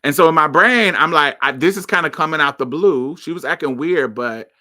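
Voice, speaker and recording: A woman hosting her podcast tells a personal story in a casual, blunt and profane way, flaring into heated outbursts. Her voice is deep and brisk, with a bright, forceful tone.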